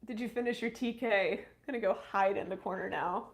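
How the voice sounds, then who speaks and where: A woman hosts a relaxed live stream, reading comments from her chat and answering each one. Her mid-range voice is brisk and chatty, with small fillers and thanks sprinkled between replies.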